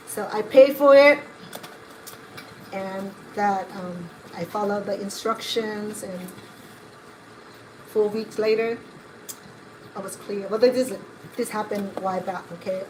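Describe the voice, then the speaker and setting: A woman's voice: medium pitch, darkish tone, slight background noise, poor audio. A middle-aged woman rambles through a story as she cooks, her voice staying fairly level. She wanders from one tale to the next in an easygoing, chatty way. Running water and kitchen clatter are plain behind her. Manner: rambling, digressive storytelling while cooking. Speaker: home cook and channel host. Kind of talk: chatty cooking vlog. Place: home kitchen.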